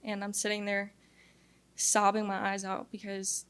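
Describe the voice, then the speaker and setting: A woman's voice: mid-range voice, completely flat delivery, a little slow, fairly bright tone, clear, resonant tone. A young woman from Louisiana telling her personal testimony as an interview guest, in an earnest, confessional way with lots of "like" fillers.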